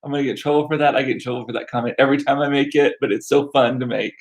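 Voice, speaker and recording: A man's voice: mid-range voice, fairly even intonation, racing, creaky. A man in his forties telling stories in a chatty, irreverent way, laughing often. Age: 40s. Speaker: vlogger. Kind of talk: casual storytelling.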